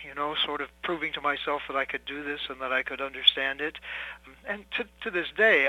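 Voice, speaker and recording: Older male priest in his 70s, very bright, dry close sound, pauses often to pick his words. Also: on the high side, dry recording, rough recording. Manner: measured and thoughtful, with frequent hesitations and fillers. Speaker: priest, interview guest. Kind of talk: reflective interview answers.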